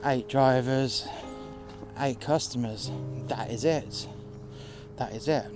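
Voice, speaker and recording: A man's voice: mid-range voice, takes it slowly. Exasperated man telling a sweary work story. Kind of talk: casual storytelling. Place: outdoors in the cold. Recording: music playing behind. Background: music.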